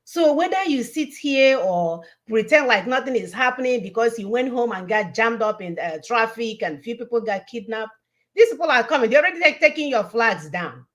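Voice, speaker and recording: A woman's voice: on the high side, lively intonation, normal speed, fairly bright tone. Fiery woman preaching politics. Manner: preachy, emphatic, repetitive warnings. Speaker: online show co-host. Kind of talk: impassioned political talk.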